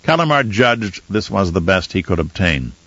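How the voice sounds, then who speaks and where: A man narrating an audiobook in a steady storytelling manner, in a dull, dry recording. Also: deep voice, moderate pace, no echo.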